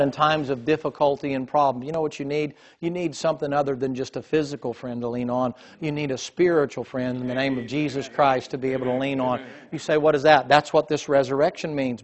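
A man preaching a sermon, telling folksy stories and building to emphatic, loud passages. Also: a little high.

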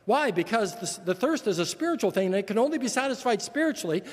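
An older male pastor delivers a sermon in an earnest, emphatic way, stacking repeated phrases to drive his point home. His voice sits high for a man, and the church sanctuary leaves a long reverb trailing behind each phrase. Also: big pitch swings, quick pace.

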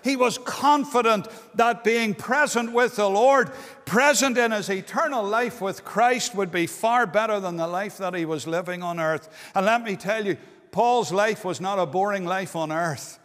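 A man's voice: high-pitched, moderate pace, fairly bright tone. A man preaching an earnest, pleading evangelistic sermon in a meeting hall, dwelling on key words. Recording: long hall reverb.

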